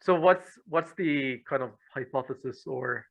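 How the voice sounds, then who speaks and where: A man's voice: mid-range voice, unhurried, vocal fry, fairly bright tone, rough recording. A man hosting a podcast, asking questions in a hesitant way with restarts and short acknowledgements. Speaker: podcast host. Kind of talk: casual interview.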